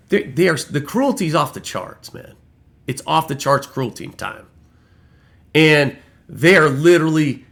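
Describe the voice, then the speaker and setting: A man's voice: fairly high pitch, a bit bright. An American man giving a heated, profane, rambling political rant to camera. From United States. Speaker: political vlogger.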